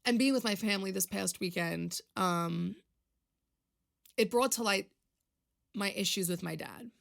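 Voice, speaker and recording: Speaking a little slowly with vocal fry, this mid-range voice belongs to a young Long Island, New York woman hosting her solo podcast. She rambles casually, confessional and emotional.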